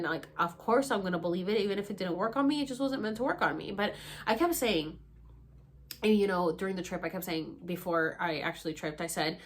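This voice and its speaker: A young woman vlogger telling a story in a casual way, filling it with "like" and acting out what people said. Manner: animated, acts out quotes with big pitch jumps, says "like" a lot.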